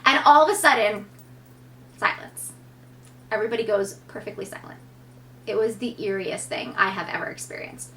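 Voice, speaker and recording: Bright-voiced woman in her thirties, candid. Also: medium pitch, normal speed, pauses often, distant mic, a little hiss or hum. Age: 30s. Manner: candid, animated, acts out what people said. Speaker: vlogger. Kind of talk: personal storytelling to camera.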